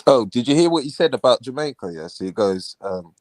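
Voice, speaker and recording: A man's voice: medium pitch, expressive, brisk, few pauses, a little mellow, no echo. A man hosting a casual live talk stream, laid-back and slangy, often mocking others by acting out what they say. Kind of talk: casual chat.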